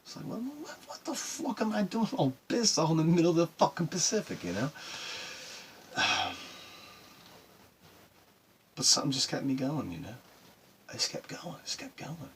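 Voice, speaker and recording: An actor playing a rough-talking male sailor who recounts his solo voyage in a rambling, emotional monologue. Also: fairly high pitch, big pitch swings, normal speed, pauses often, a little hiss or hum. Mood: anguished. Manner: profane, rambling and emotional storytelling. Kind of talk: dramatic monologue.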